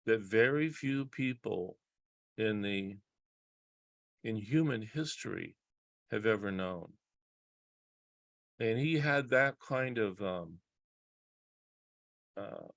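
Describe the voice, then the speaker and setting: A man talks slowly and thoughtfully at a middle pitch, stopping often and starting his sentences over. He sounds earnest and careful. The sound is close and dry, with no room echo. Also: fairly bright tone. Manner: halting, many restarts and pauses, earnest. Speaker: psychologist guest. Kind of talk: reflective conversation.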